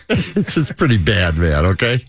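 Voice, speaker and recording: Man, radio co-host, lively swinging pitch, dry studio mic, faint music bed. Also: a little slow, husky, no room sound. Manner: animated, jokey, streetwise. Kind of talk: casual radio talk show banter. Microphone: studio microphone.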